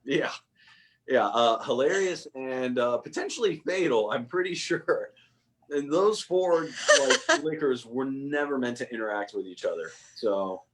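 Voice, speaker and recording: A man's voice: medium pitch, expressive, a little slow, slight background noise. A young man chatting as a guest on a video call, telling stories and laughing at himself. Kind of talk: casual video-call chat.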